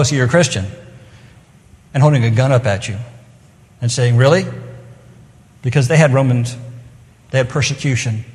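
In an evening sermon, a middle-aged preacher speaks earnestly yet conversationally at an ordinary mid pitch, taking on the voices of those he quotes. Long hall reverb lingers after every phrase.

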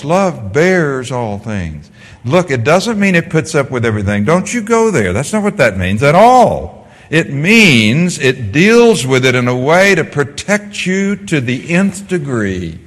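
A man from the Netherlands delivers a sermon with a lively, swinging delivery, leaning hard on key words and then softening into gentle storytelling. His voice carries a long reverberant tail, as if filling a big sanctuary. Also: fairly high pitch. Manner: animated preaching, drops to a soft storytelling voice. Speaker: pastor.

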